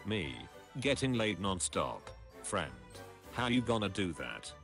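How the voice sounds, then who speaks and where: A man with a lowish voice reads meme captions aloud on a casual stream, his pitch swinging widely as he delivers each joke. Music plays clearly behind him. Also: normal speed. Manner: reads captions aloud, drops into deadpan low voices for punchlines. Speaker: streamer reading memes aloud.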